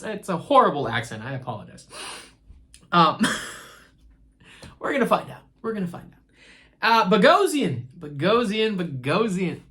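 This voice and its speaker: A woman's voice: mid-range voice, moderate pace. A woman giving casual commentary on a TV series, rambling and laughing, and talking straight to the characters as if they could hear her. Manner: animated, talks straight to the characters; chatty, rambling, laughs easily. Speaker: TV show reviewer.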